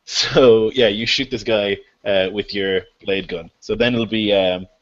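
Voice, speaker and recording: A man running a tabletop game as game master, explaining rules in a relaxed, laughing way. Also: fairly low pitch, a little slow. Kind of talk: narrating a tabletop game over an online call. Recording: dull lo-fi call audio.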